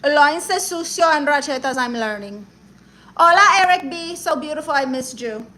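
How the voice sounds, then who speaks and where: A young woman from Puerto Rico and Guatemala doing a sassy comedic livestream, reading viewer comments in a loud, brash, exclamatory way and dropping Spanish slang. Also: sits high, lively intonation, normal speed, rough recording.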